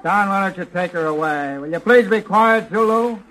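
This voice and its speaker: A man's voice: high-pitched, normal speed, fairly bright tone, low-quality recording. A comedian doing a 1930s radio comedy routine, drawling and grumbling insulting asides under his breath.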